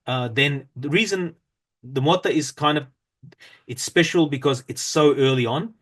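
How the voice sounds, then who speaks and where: A man's voice: fairly high pitch, moderate pace, a bit bright. A man teaching an Arabic grammar lesson, reading from a textbook and explaining step by step with frequent fillers and self-corrections.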